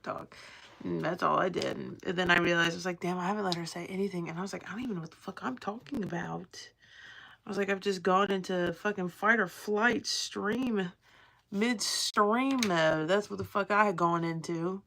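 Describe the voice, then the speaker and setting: A woman livestreams from home while crafting, rambling casually to her viewers and swearing freely. Her mid-range voice is fairly bright with some vocal fry.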